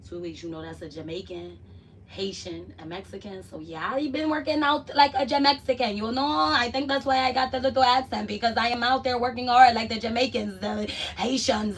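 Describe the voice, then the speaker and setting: A woman chats with her live-stream viewers from home in a loose, profane way. Her talk drifts between quiet murmurs and loud bursts. She sits some way off the mic, with a faint hiss in the background. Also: medium pitch, recorded from a distance. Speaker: vlogger hosting a live stream. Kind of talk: casual live-stream chat.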